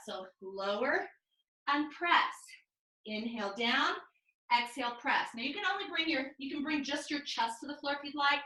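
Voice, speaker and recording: Bright-voiced woman cueing a pilates class. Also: high-pitched, roomy sound, poor audio. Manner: calm step-by-step cueing with breath counts. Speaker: pilates instructor. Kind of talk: cueing a live online mat class. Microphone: video call.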